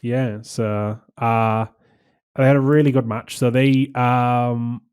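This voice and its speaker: A man's voice: mid-range voice, flat delivery, slow pace, a little mellow, clear, resonant tone. A man co-hosting a casual podcast chat, rambling with lots of fillers and restarts. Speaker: podcast co-host.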